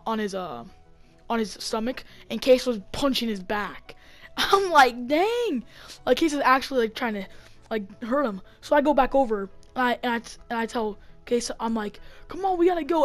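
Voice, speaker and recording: A woman telling a story in a casual vlog, rambling with lots of fillers and getting excited as she acts it out on a desk mic. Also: on the high side. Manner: rambling, heavy on fillers, gets excited acting out the fight. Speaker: vlogger.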